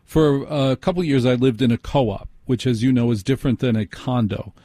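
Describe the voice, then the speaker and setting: A man's voice: medium pitch, fairly quick, mellow, no echo, clean studio sound. A man hosting a radio talk show, rambling wryly and stumbling over names in a casual monologue.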